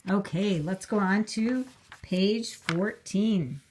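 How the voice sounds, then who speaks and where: A woman teacher reading a storybook aloud to young children, slow, clear and encouraging. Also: mid-range voice, darkish tone, slight background noise.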